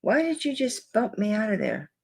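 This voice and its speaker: A woman's voice: medium pitch, very animated, normal speed, vocal fry, husky. A woman selling jewelry on a live stream, chatting to viewers in a flustered, rambling way while she searches through orders.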